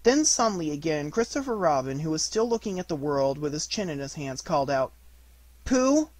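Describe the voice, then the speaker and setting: A man reading a children's storybook aloud, gentle and measured in delivery. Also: on the high side, lively intonation, no echo. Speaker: audiobook reader. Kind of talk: storybook narration.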